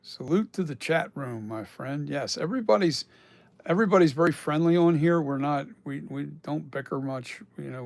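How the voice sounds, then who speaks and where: A man's voice: a little high, creaky, dry recording. A man chatting casually on a live stream about sculpting masks, rambling and swearing now and then as he talks.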